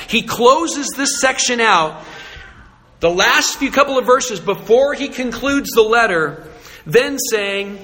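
A man's voice: very high voice, expressive, slow, bright, forceful tone. A man preaching a sermon, talking to the congregation in a conversational, emphatic and humorous way. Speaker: pastor. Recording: echoey hall with faint ambience.

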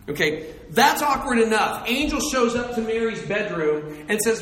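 Animated preacher in a very echoey hall. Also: male voice, extremely high pitch, normal speed. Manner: animated storytelling, acts out characters. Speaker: pastor. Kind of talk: sermon.

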